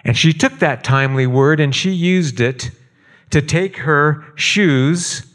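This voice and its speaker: The voice is a little high and a bit bright, belonging to a middle-aged pastor narrating a story from the pulpit. He stresses each point slowly and repeats lines so they land with force.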